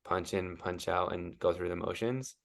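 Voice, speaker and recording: Male guest coach, deep and creaky, loose chatty delivery full of "like". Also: moderate pace. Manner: rambling, heavy use of "like". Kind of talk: casual podcast interview.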